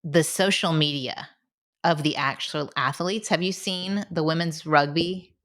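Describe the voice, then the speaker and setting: A woman from Indianapolis with a low voice co-hosts a casual podcast. She is chatty, laughs a lot and keeps cutting in with quick asides. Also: a bit bright. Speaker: podcast co-host. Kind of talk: casual chat.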